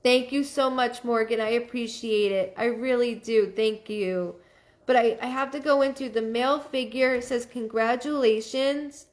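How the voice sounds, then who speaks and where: A woman hosting a live stream as a psychic medium. She thanks viewers by name and relays messages in a searching, halting way. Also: fairly high pitch.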